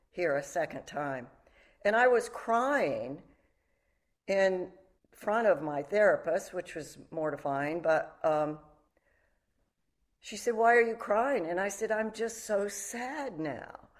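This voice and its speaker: A woman's voice: deep voice, expressive, measured pace, long pauses. A middle-aged woman giving a meditation talk, reflective and candid, mixing teaching with personal stories. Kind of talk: dharma talk.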